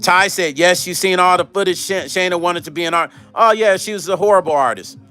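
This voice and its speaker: Bright-voiced man telling stories on a live stream. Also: sits high, a little fast, smooth, faint music behind. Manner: animated, swearing, acts out quoted voices, talks to chat. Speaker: vlog host reading live chat. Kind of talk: casual live-stream storytelling.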